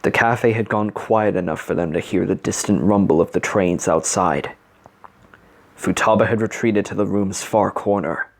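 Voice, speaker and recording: A man reading fan fiction aloud, breaking off for dry, sarcastic asides. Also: sits low. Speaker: reader.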